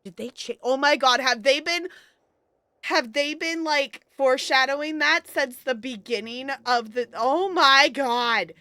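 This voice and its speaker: A woman streaming a narrative game live, reading its text aloud and gushing with quick laughs between lines. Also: high-pitched, pushed and bright, dry recording.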